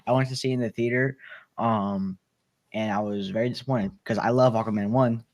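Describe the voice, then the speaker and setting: A man's voice: fairly low pitch, fairly even intonation, a little fast, a little mellow. A man chatting casually on a podcast call from home, rambling, laughing often and stumbling over his words. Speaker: podcast guest. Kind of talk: casual chat. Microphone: home computer mic with soundboard.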